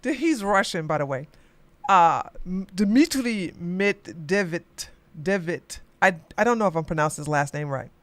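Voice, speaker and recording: A podcast host reading news headlines aloud and reacting with loud exclamations and asides. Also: mid-range voice, lively intonation, normal speed, no room sound. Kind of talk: live news commentary.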